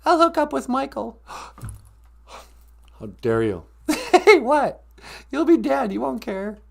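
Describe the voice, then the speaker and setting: A woman's voice: high voice, wildly swooping pitch, slow, vocal fry. A woman co-hosting a podcast in teasing, giggly casual chat.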